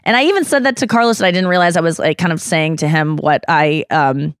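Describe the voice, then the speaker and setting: A female podcast host tells a story in casual conversation, cursing freely and acting out what people said with animated quotes. Her low, smooth voice moves fast, captured in a dry, studio-quality recording.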